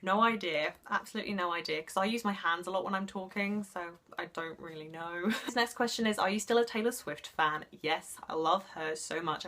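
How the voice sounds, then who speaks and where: A woman's voice: lowish voice, a bit bright. A young woman from Suffolk with an English accent, chatting casually and gushingly as she answers viewer questions on her vlog. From Suffolk, England. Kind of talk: casual chat.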